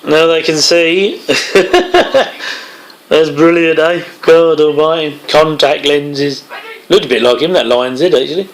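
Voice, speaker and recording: A man's voice: on the high side, low-quality recording. A man giving casual movie commentary, full of chatty wry asides and chuckles. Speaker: film commentator.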